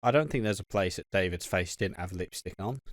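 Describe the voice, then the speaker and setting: A man's voice: low-pitched, fairly quick, no room sound, clean studio sound. A man co-hosting a podcast, casually recapping a soap episode, swearing, laughing and rambling. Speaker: podcast co-host. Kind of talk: casual crude podcast banter.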